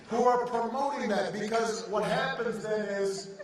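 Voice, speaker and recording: A man giving a campaign speech to a rally in a deliberate, conversational and wry way. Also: very high-pitched, steady tone, noisy background. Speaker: political speaker at a rally. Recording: echoey rally from a distance with crowd.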